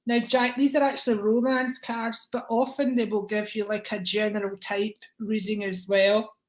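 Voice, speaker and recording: A woman hosting a live-stream card reading, chatty and warm with viewers, calling them darling, with a tickle in her throat. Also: mid-range voice, flat delivery, normal speed, rough recording. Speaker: psychic reader and livestream host.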